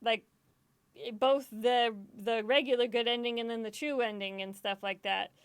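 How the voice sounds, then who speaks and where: Chatty swearing woman streamer, smooth voice. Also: a little high, fairly even intonation, normal speed, dry recording. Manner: rambling, swears often, laughs easily; self-deprecating and emotional. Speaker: gaming streamer. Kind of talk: casual chat.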